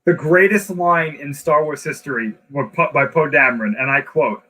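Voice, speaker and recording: A man's voice: fairly high pitch, moderate pace, sharp tone, low-quality recording. Man making his case in chat. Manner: argumentative, explains at length. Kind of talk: casual chat.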